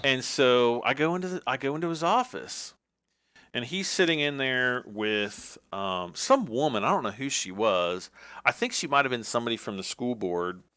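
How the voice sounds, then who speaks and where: A man's voice: mid-range voice, expressive, normal speed, pushed and bright, clear, resonant tone, dry recording. A man on a livestream telling a long personal story in a casual, rambling way, full of restarts and "like".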